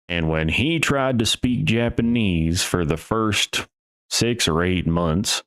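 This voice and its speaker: A man with a fairly low voice hosting a podcast monologue, taking his time over each thought. He drifts, restarts his sentences and drops a casual curse here and there. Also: expressive, a bit bright, clean tone. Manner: rambling and profane, with restarts and trailing pauses. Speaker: podcast host.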